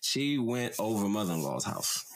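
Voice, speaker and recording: A man's voice: fairly low pitch, big pitch swings, normal speed. A young adult man co-hosting a casual podcast chat, rambling loosely with lots of fillers and cussing. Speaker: podcast co-host.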